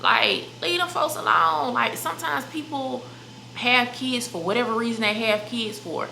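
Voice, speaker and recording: Chatty young woman with a bright voice. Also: a little high, moderate pace, creaky. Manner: chatty, emphatic, addresses viewers as "y'all" and "baby". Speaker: vlogger. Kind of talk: casual sit-down chat to camera. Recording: echoey room with faint noise.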